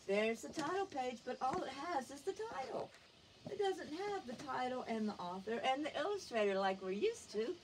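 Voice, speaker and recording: Woman reading aloud, very animated pitch. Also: normal speed, noisy background. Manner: expressive, gentle storyteller asking children questions. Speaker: teacher. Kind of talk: reading a picture book aloud to young children.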